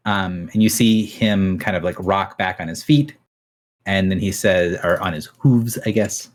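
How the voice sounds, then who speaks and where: A man's voice: low voice, unhurried. A man narrating a tabletop game as game master, talking casually with frequent fillers. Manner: casual, hesitant, many fillers.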